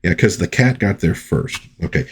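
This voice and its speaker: On his laid-back comic book review vlog, a man chats along in an animated, low-sitting voice at a moderate pace. He's easygoing and talkative, frequently using fillers and starting sentences over.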